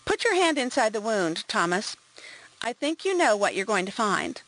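Calm medical examiner, explanatory and even; woman reader's own voice. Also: medium pitch, normal speed, rough recording. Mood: clinical.

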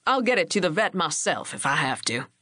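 A woman reading an audiobook voices a gruff, commanding middle-aged ranch patriarch who barks curt orders at his grown sons. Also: a little high, sing-song, fairly quick, bright, forceful tone, no room sound, clean studio sound, full character voice.

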